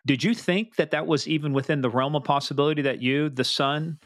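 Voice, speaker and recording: A man's voice: fairly high pitch, brisk. A man hosting a podcast interview, asking probing follow-up questions. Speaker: podcast host.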